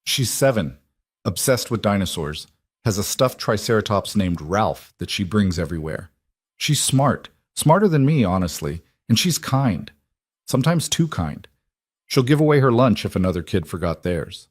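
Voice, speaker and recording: A man voicing a gentle, patient single father who speaks in a soft, reassuring way. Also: lowish voice, big pitch swings, normal speed, breathy edge, dry recording, studio quality. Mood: fond. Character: calm gentle single dad, steady and patient.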